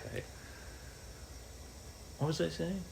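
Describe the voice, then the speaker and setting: A man's voice: a little high, fairly even intonation, slow pace, vocal fry, darkish tone, slight background noise, poor audio. A young man co-hosting a casual podcast, teasing and needling his friend. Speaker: podcast co-host. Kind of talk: casual chat.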